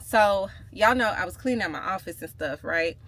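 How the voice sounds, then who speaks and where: A woman's voice: medium pitch, animated, moderate pace, a bit bright. A woman, chatting casually to her viewers in a vlog, playful and full of slang. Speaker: vlogger. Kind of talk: casual vlog chat to camera.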